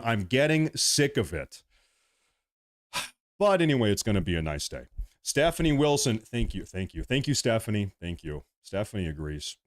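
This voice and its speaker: A man's voice: fairly low pitch, moderate pace. A man hosting a livestream, ranting in agitated bursts about the news and thanking viewers. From United States. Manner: agitated ranting, then calming down. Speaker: livestream host. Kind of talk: livestream commentary.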